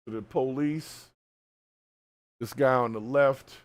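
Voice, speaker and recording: A man hosting a live stream, reacting to a video with casual, animated, colloquial commentary. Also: mid-range voice, slow, dry recording. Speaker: host.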